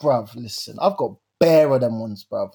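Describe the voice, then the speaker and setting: A young man telling a story in casual chat, animated and full of slang, acting out his own drama. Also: medium pitch, moderate pace, creaky, slightly rough.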